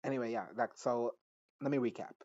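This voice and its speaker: Male vlogger, casual reaction recap, animated and foul-mouthed, laughs a lot, average pitch, slightly dull lo-fi sound. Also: brisk, dry recording. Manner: animated and profane, laughs often, mimics characters. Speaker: YouTuber recapping a TV episode.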